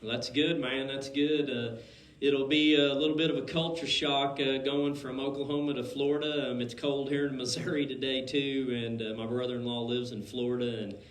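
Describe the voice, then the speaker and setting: Male radio host, mid pitch, easygoing folksy chatter, slightly out of breath, roomy room sound. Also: fairly even intonation, moderate pace. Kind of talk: casual radio interview. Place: radio studio. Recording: roomy studio echo.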